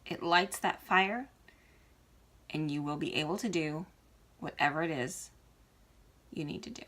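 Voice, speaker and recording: A woman's voice: sits low, measured pace, fairly bright tone. A woman talking earnestly and emotionally to her viewers, encouraging them in a heartfelt vlog. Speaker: vlogger. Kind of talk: heartfelt motivational vlog talk.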